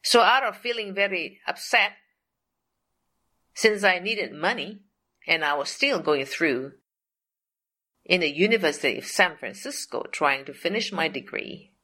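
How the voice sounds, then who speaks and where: An older woman recounts a personal testimony at a very slow, deliberate pace, earnest and repetitive. Her voice is bright and forceful, sitting a little low. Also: expressive. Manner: earnest, repetitive, leans on "of course" and "whatsoever". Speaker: storyteller sharing a faith testimony.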